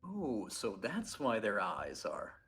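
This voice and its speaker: A man's voice: on the low side, wildly swooping pitch, slow, a bit bright, slightly rough. A man playing his character in a tabletop game, with an inquisitive, wry manner. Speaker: player.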